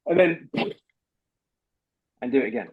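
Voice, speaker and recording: A man's voice: mid-range voice, expressive, measured pace, husky, narrow, tinny audio. A man working as a voice coach, patiently talking a guest through voice exercises over a video call. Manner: patient, instructive, repeats words when starting.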